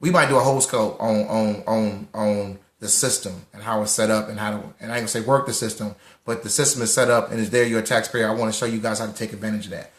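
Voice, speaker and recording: A young man hosting a live talk room on money, lively and preachy, repeating lines for emphasis and greeting listeners by name. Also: on the low side, fast talker, hardly any pauses, roomy sound. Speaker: host of a live social audio room on personal finance.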